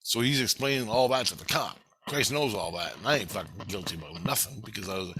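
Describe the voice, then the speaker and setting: A man's voice: lowish voice, lively intonation, fast talker, bright, forceful tone, a little hiss or hum, low-quality recording. A middle-aged man telling a rambling, profane, agitated monologue to camera. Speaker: vlogger.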